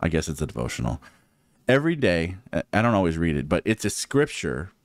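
Lively low-voiced man preaching enthusiastically. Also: a little fast, no echo, clean studio sound. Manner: enthusiastic and preachy, with repeated affirmations. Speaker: podcast host. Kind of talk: casual podcast conversation about the Bible.

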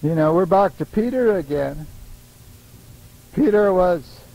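A man preaching a sermon in a lively way, laughing often and acting out the voices of people he quotes. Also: high voice, a little slow, creaky, low-quality recording.

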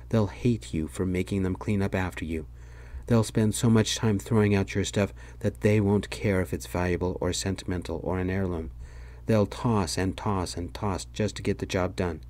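A man voicing a calm young man who reasons patiently, in a soft-spoken whispered role-play. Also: low voice, natural voice.

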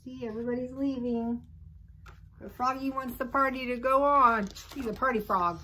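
A woman's voice: fairly high pitch, steady tone, normal speed, sharp tone, a little hiss or hum, poor audio. A woman, a teacher, reading a picture book aloud to children and chatting with them about the pictures. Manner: chatty asides to young listeners.

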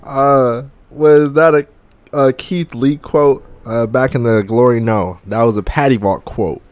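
A man's voice: mid-range voice, measured pace, a little mellow, smooth, dry recording. Breathless young man groaning through a challenge. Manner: exclaiming, groaning, joking. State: out of breath, mouth burning. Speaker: gaming YouTuber. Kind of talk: casual commentary while eating hot wings and gaming.

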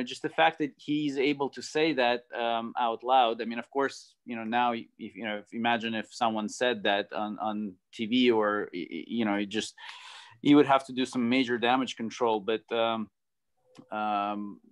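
A man sharing his views in a relaxed conversation, pausing often to find his words. His voice is of ordinary middle pitch. He sounds reflective and unhurried. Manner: thoughtful, hesitant. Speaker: guest, former tennis player. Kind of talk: casual video conversation.

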